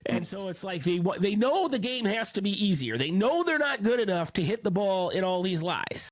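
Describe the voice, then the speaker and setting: A man's voice: sits high, sing-song, a little fast, no echo. A man hosting a podcast in casual chat, sounding nasal and congested from a cold, rambling with many restarts. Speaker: podcast host.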